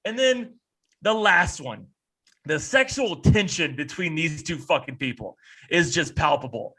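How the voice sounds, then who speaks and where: A man co-hosting a podcast over a video call, ranting in an animated, profane way and slipping into mocking impressions. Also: on the high side, unhurried, husky. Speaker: podcast co-host.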